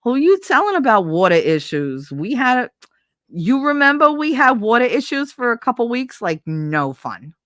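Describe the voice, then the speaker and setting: A woman putting on a brash Brooklyn woman's voice, complaining bluntly and loudly with a thick Brooklyn accent. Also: on the high side, sing-song, normal speed, dry recording, studio quality, voice pushed up. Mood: griping. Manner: blunt, loud put-on accent. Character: brash Brooklyn woman griping about water troubles.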